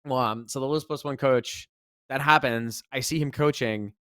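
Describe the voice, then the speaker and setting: A man co-hosting a casual podcast, telling a story with animation, rising loud when exasperated and swearing freely. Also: mid-range voice, moderate pace, smooth, no room sound, studio quality. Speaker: podcast co-host, esports commentator.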